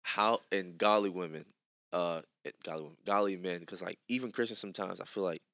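A man's voice: low voice, fairly even intonation, fairly quick, a bit bright, no echo, clean studio sound. A young man with a Louisiana accent hosting a podcast, chatting casually and joking, with lots of fillers. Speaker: podcast host. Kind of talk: casual chat.

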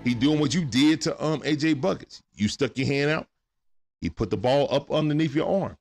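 With a voice on the high side at normal speed, a man hosts a live stream from home at night, with faint music in the background. He calls a game play-by-play casually and excitably, moving from hushed asides to sudden shouts.

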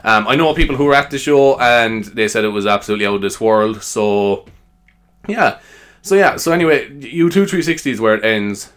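A man's voice: lowish voice, expressive, brisk, a bit bright. A man rambling in a casual solo chat, self-amused and full of fillers. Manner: chatty, self-amused, lots of fillers and laughs. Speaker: podcaster.

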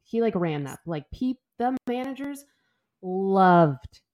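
A young woman co-hosting a podcast, telling a story in an animated, casual way, full of "like" and the odd swear. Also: fairly high pitch, moderate pace, muffled recording. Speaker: podcast co-host. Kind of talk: casual chat.

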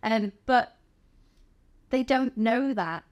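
A woman's voice: fairly high pitch, drawn-out words. A middle-aged woman with a southern English accent, a stand-up comedian talking frankly as a podcast guest, swearing casually and laughing often. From England. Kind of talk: candid conversational interview.

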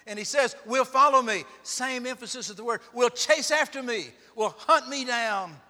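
A man preaching a sermon as pastor, telling Bible stories with sharp swings between loud and soft. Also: high-pitched, long reverb tail. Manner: storytelling, dramatic shifts in loudness. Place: church sanctuary.

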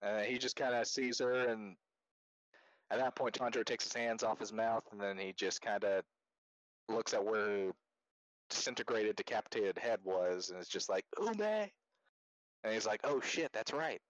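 A young man casually recapping an anime, laughing and filling in quick character voices as he retells scenes. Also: fairly low pitch, little pitch movement, muffled recording.

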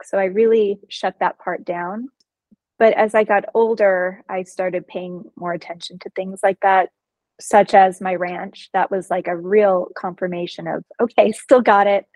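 A woman, a psychologist guest in a casual interview, telling personal stories in an expressive, vivid way. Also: medium pitch, no room sound, rough recording.

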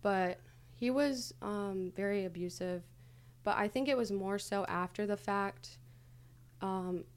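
A young woman guesting on a podcast talks slowly through her past, honest and casual yet hesitant, with many fillers. Her mid-range voice sounds clear and resonant, and the setting is a casual conversational interview.

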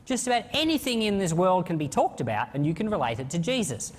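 Guy preaching a sermon, animated and chatty, voice jumping all over, long church echo. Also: high-pitched, quick pace.

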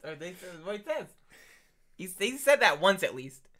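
A male podcast co-host in relaxed banter who laughs easily and cracks jokes. His voice is bright and edgy, with lively, wide-ranging pitch. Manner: giggly, jokey, quick to laugh. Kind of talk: casual chat.

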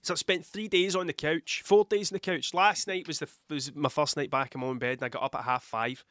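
A Scottish man talks in a loose, rambling monologue, full of blunt swearing and thick with a cold that sets him coughing. His voice sits a little high for a man. The recording is dry and close, with no room sound. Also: fairly even intonation, fairly quick, fairly bright tone, no room sound. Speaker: podcast host. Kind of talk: casual monologue.

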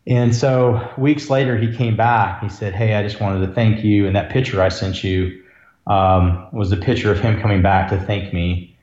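In a roomy, dull lo-fi recording, a man with a low-leaning, steady, slightly mellow voice speaks at a moderate pace. He's an ER doctor guesting on a podcast, sharing a story in an earnest, reflective way that turns emotional now and then.

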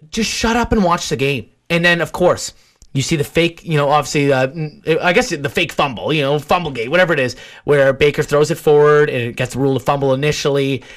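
A man's voice: fairly high pitch, fairly bright tone. A young man co-hosting a sports podcast, ranting in an exasperated way about rude fans in casual chat.

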